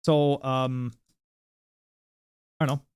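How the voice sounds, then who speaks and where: A man's voice: mid-range voice, little pitch movement, slow pace, darkish tone, clear, resonant tone, dry recording. A man whose first language is German, hosting a livestream, chatting casually with viewers while rambling, laughing often, and restarting his sentences. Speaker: livestream host. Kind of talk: casual live chat with viewers.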